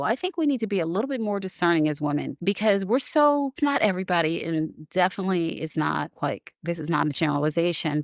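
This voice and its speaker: A woman's voice: on the low side, no echo, studio quality. Woman musing with pointed rhetorical questions. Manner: conversational, rhetorical questions, sarcastic asides. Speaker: host. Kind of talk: reflective monologue to camera.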